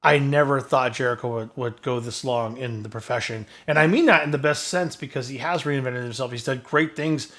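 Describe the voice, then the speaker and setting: A man's voice: mid-range voice, a little fast, few pauses, a bit bright. A man co-hosting a podcast in casual chat, talking in an earnest, chatty way. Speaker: podcast co-host.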